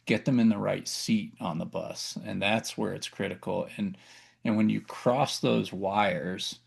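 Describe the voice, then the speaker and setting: A man's voice: lowish voice, a little slow, creaky, breathy edge. A man co-hosting a business talk show, reflecting aloud in casual chat. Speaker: podcast co-host.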